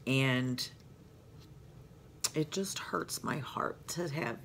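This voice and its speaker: Older woman vlogger, low gravelly voice, slow rambling chat, faint hiss behind. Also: a bit bright. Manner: rambling, heartfelt, trails off into asides. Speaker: planner vlogger. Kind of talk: chatty planner vlog.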